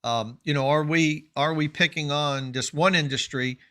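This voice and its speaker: A man's voice: a little high, moderate pace, pushed and bright. A man co-hosting a podcast discussion, musing and asking questions aloud.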